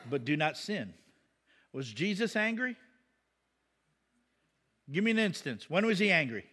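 A man preaching a conversational sermon, asking the congregation questions and breaking into loud, emphatic bursts. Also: fairly high pitch, lively intonation, moderate pace, long pauses, husky. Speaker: pastor.

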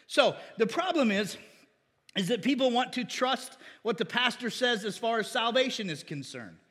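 High-voiced pastor preaching in a reverberant hall. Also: male voice, lively intonation, normal speed, fairly bright tone, husky. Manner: call-and-response asking amen. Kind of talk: sermon.

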